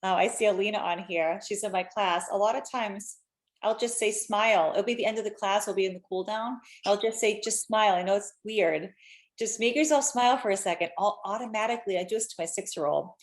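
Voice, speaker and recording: A woman's voice: medium pitch, brisk. A woman in her thirties hosting a live stream, chatting casually and animatedly with lots of fillers.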